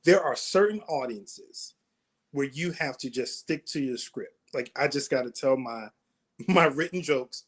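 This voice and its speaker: A man who is a comedian, talking as a guest in a casual interview and telling animated stories that act out quotes in a raised voice. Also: medium pitch, a little slow.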